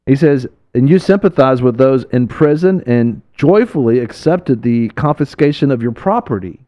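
A man's voice: mid-range voice, expressive, moderate pace, dark tone. A man hosting a religious broadcast, preaching with a fervent, exhorting delivery and repeating phrases for emphasis.

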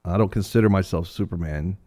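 A middle-aged man co-hosting a casual chat, telling an animated story with laughter and little voices for the people in it. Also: sits low, a little fast. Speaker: co-host.

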